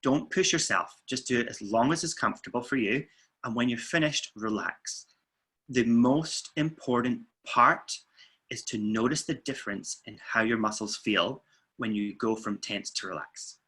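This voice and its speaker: A man, a weight-loss coach, calmly guiding listeners through muscle tensing and breathing exercises. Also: medium pitch, normal speed, breathy edge. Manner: calm, steady counting and coaching. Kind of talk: guided relaxation instructions. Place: indoors, filming himself.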